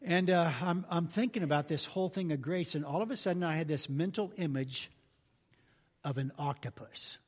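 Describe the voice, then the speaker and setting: A man's voice: a little high, normal speed, husky. A man pastor giving a sermon in a folksy, humorous, conversational way with sudden emphatic bursts. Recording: reverberant church hall.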